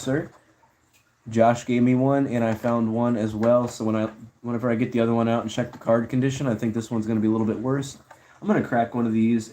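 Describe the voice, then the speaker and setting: A man's voice: mid-range voice, a little mellow. A young man casually chatting on a live stream, reading chat messages aloud and answering them in a laid-back way.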